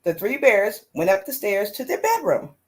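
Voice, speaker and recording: A woman reading a children's story aloud in an expressive, animated way. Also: medium pitch, moderate pace, slight background noise. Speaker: storyteller host.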